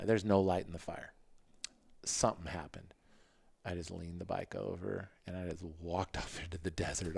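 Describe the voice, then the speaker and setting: Middle-aged man, lowish voice, dry close sound, casual animated storyteller who acts out his own thoughts. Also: creaky, dry recording. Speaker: podcast guest, former motocross racer.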